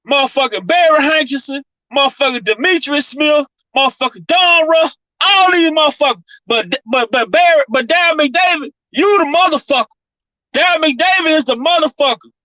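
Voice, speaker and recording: Fired-up, high-voiced woman ranting. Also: moderate pace, pushed and bright, no echo, dull audio. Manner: profane, repetitive, fired-up. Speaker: commentary vlogger. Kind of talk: heated opinion rant.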